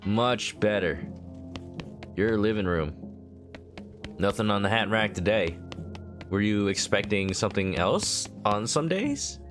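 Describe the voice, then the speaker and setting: A man's voice: on the low side, animated, measured pace, pauses often, fairly bright tone, faint music behind. A male game streamer reading game text aloud and joking, slipping into a mock southern drawl.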